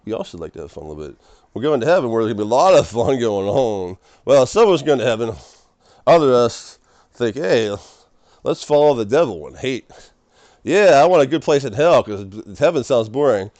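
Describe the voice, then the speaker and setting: Rambling excitable man preaching casually. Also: medium pitch, brisk, no room sound. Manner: rambling, excitable, laughs often. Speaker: streamer.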